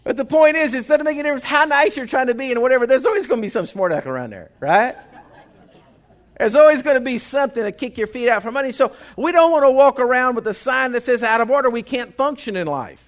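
Male pastor, preaching with jokes and asides, very lively pitch. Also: fast. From Texas. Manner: folksy, joking storytelling with asides to the congregation. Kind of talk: sermon.

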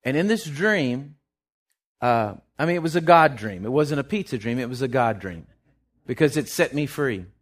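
A man preaching a sermon, impassioned, rising loud then dropping soft, often restarting his words. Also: mid-range voice, expressive, normal speed.

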